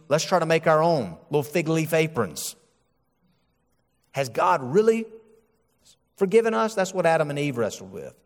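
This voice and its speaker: A male pastor preaching a sermon, animated and acting out the voices he quotes. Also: medium pitch, long reverb tail.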